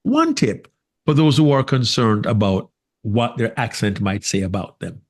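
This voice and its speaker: A man with a Jamaican accent co-hosting a podcast interview, telling a lively story and laughing easily. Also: on the low side, moderate pace. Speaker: podcast co-host. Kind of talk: casual interview chat.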